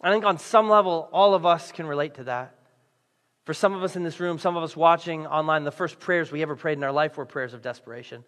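Bright-voiced man preaching. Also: fairly high pitch, fairly quick. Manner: conversational, animated, acts out the story. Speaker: pastor. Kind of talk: sermon. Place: church auditorium. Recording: echoey hall.

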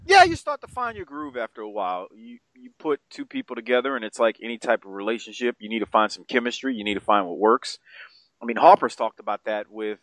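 Male podcast co-host, mid-pitched, casual and rambling, dry close-mic sound. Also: fast talker, no room sound. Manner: rambling and profane, pitch jumps when excited.

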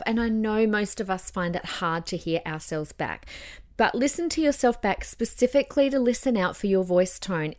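A young adult woman hosting a casual advice podcast, talking in an encouraging way and demonstrating voice changes as she goes. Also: medium pitch. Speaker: podcast host and voice coach.

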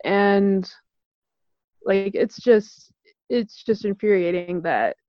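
A woman speaking earnestly in casual conversation, measured and indignant in tone. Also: medium pitch, no echo. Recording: dull, dry lo-fi recording.

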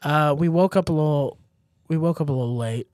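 A man co-hosting a podcast in casual chat, joking and animated, laughing often. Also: a little high, a little fast, no echo, studio quality. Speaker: podcast co-host.

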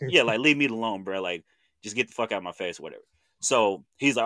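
A man in his thirties from Oklahoma with an Oklahoma accent, co-hosting a podcast and telling a story in animated casual chat, acting out what people said in slangy talk. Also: lowish voice, quick pace, dry recording. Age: 30s. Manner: animated storytelling with slang, acts out quoted voices. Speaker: podcast co-host.

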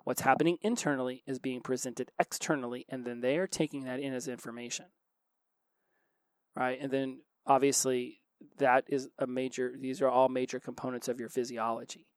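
A man hosting a solo self-help podcast. He talks fast and restarts his sentences often. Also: mid-range voice, level tone, dry recording. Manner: fast-talking, with frequent restarts. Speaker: podcast host.

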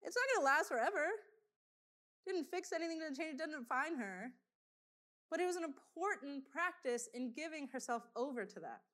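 A woman preaches with a high, light voice, chatty and loose, full of fillers and bursts of laughter. She tells stories to her congregation with animated energy. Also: normal speed. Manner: animated storytelling, laughs often, conversational with fillers. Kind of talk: sermon.

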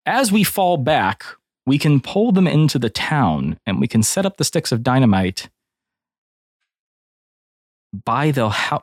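A man's voice: medium pitch, no echo, clean studio sound. Man planning aloud, lots of ums. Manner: hesitant, full of ums, animated when planning. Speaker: player. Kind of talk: tabletop game chat.

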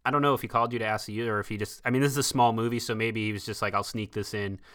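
Man, podcast host, bright and forceful tone, animated film chat. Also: mid-range voice, rapid-fire, clean tone. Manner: animated and enthusiastic. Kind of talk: casual film review chat.

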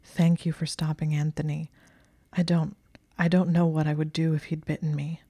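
A woman voicing a shaken, emotional young witch in a hushed, breathy way. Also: sits low, level tone, normal speed, dry recording, studio quality. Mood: hushed, grateful.

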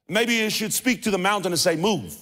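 The voice sits high and is animated and fairly bright, moving a little fast. It belongs to a South African pastor giving a casual sermon with repeated phrases and restarts, recorded amid a church hall's long reverb.

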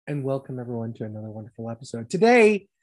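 A woman's voice: very deep voice, big pitch swings, fast talker, a little mellow. A woman hosting a wrestling podcast, trading profane, teasing banter with her co-hosts. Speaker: podcast host. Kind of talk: casual wrestling podcast chat.

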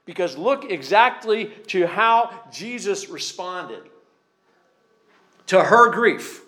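A man's voice: high voice, big pitch swings, slow pace, bright, forceful tone. Earnest man preaching a sermon. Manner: conversational preaching with restarts and emphatic rises. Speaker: pastor.

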